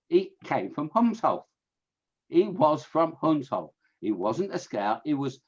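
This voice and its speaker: A man's voice: mid-range voice, slightly rough, lo-fi sound. A man with a Fenland accent giving an illustrated history talk to an audience, chatty, with restarts and asides to his listeners. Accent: Fenland English. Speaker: lecturer on scouting history.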